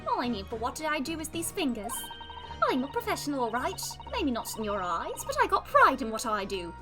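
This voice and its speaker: A woman's voice: high-pitched, big pitch swings, fairly quick, over music. A woman voicing a cheeky young female street pickpocket, with an attempted Cockney accent and a brash, defiant manner.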